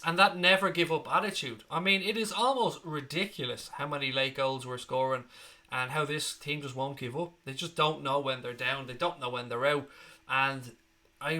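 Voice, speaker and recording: An Irish man in his thirties runs a live football fan channel, reading viewer comments aloud in a chatty, blunt style and swearing freely. His voice is fairly high and sharp, at a moderate pace.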